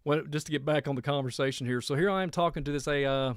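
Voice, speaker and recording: A man's voice: on the high side, fast talker, clean tone, no echo, clean studio sound. Laughing Kentucky country man. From Kentucky, USA. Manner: rambling, laughs often. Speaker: host. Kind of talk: casual radio-style monologue.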